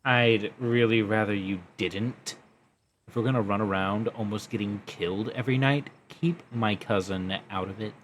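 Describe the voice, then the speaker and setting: A man's voice: lowish voice, normal speed, a little hiss or hum, lightly acted. A man voicing a stern, tired young woman from a story game, reading her lines in a clipped, weary way.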